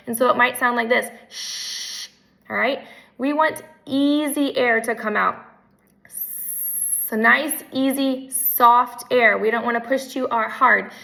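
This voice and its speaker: A woman speech language pathologist giving a gentle, patient home practice lesson, repeating her cues slowly. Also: on the high side, vocal fry, low-quality recording.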